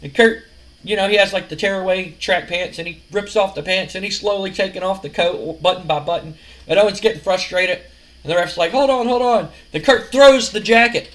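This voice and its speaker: A man casually narrating a wrestling sim game, rambling and animated with lots of fillers. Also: high voice, a little fast, poor audio. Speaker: gaming video host.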